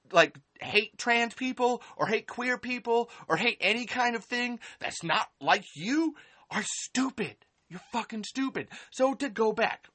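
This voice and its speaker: This is a live-stream podcast host whose voice is mid-range and fairly bright. She's furious and sarcastic, cursing heavily and saying things over and over for emphasis.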